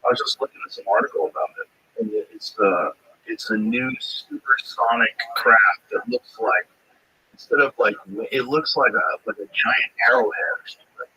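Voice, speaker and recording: A man's voice: mid-range voice, normal speed, pushed and bright, breathy edge, rough recording. A man in casual chat, talking in a laid-back way and swearing now and then.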